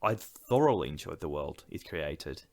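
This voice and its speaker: Low-voiced man, agreeable podcast co-host. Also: expressive, moderate pace, a little mellow. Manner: agreeable, reflective, often agrees with short backchannels. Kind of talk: casual film discussion.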